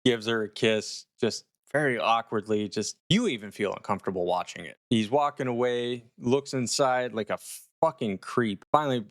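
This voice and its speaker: Man, casual horror reviewer, animated and profane, dry close recording. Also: mid-range voice, moderate pace, few pauses, no echo.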